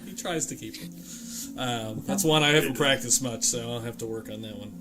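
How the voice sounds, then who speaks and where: A male game master narrating a tabletop game in a relaxed, chatty way, full of ums and restarts. His pitch is an ordinary middle for a man. Music plays clearly underneath. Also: brisk. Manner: relaxed, chatty, frequent fillers.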